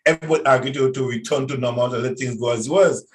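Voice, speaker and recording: A man's voice: medium pitch, rapid-fire, poor audio. Man, radio interview guest, earnest warning tone.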